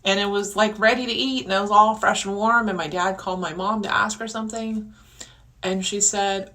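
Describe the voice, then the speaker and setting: A woman's voice: mid-range voice, steady tone, moderate pace, bright, forceful tone. A woman hosting a podcast, talking in a frustrated, rambling monologue full of restarts. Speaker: podcast host. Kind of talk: casual venting monologue.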